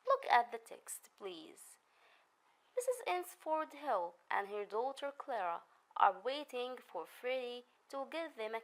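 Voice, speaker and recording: A woman teacher narrating a recorded literature lesson, speaking deliberately and addressing her students directly. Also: on the high side, poor audio.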